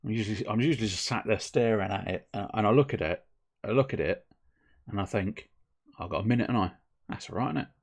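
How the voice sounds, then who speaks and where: A man streams a video game, chatting casually with viewers, rambling, mocking himself, and slipping into silly voices. His voice is fairly low and fast, with vocal fry.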